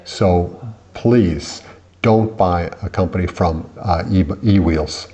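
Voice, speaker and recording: A man's voice: low voice, takes it slowly, dark tone. A middle-aged man from the United States, irritated and rambling as he complains in a vlog, with many restarts. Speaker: vlogger.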